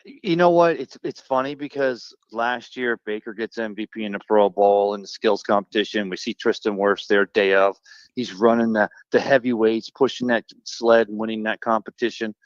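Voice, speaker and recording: A man's voice: fairly low pitch, steady tone, moderate pace, dry recording, muffled recording. A man speaking as a guest on a sports talk stream, telling long, rambling stories in an upbeat way.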